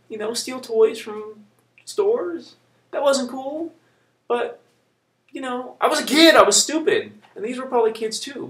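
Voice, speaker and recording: A man vlogging, ranting heatedly in an animated way and swearing casually. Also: very high-pitched, reverberant. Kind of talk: ranting video blog.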